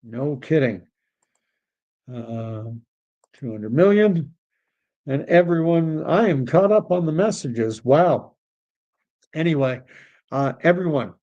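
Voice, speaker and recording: A man's voice: medium pitch, darkish tone. A Canadian man hosting a political livestream, chatting casually and rambling as he reacts to messages from viewers. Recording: dull lo-fi stream audio.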